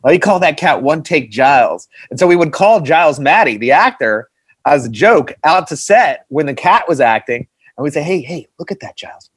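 A man's voice: fairly high pitch, expressive, normal speed, breathy edge, no room sound. Laughing, profane male film producer. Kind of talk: casual interview chat.

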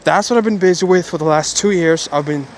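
A man's voice: on the high side, quick pace, a little hiss or hum. A man talking through his day in a casual vlog, rambling and correcting himself, earnest about his faith. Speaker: Christian vlogger.

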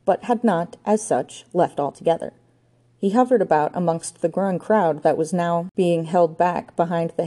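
A woman narrating an audiobook with a low, mellow voice. Her reading is dry and steady.

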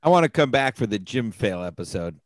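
A man, a guest on a podcast, telling rambling excitable stories in casual banter. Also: medium pitch, a little fast, a crowd in the background.

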